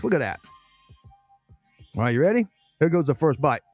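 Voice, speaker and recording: Guy rambling about football, high voice, dry close mic with faint music. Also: sing-song, a little fast, pauses often, no room sound. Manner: chatty, repeats himself, talks with his mouth full. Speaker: podcast host. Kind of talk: casual sports talk.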